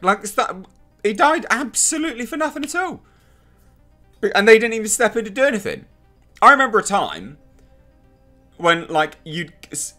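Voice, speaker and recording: A man's voice: on the high side, bright, forceful tone. A man giving a blunt, sarcastic, rambling spoken review of a TV episode. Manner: blunt, sarcastic, filler-heavy rant.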